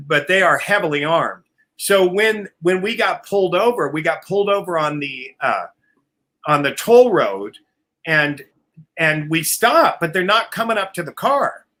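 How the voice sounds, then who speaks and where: High, bright-voiced storytelling man. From family from Oklahoma. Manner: profane, laughing, acts out other people's voices. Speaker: guest musician telling road stories. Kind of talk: casual storytelling on a live video call.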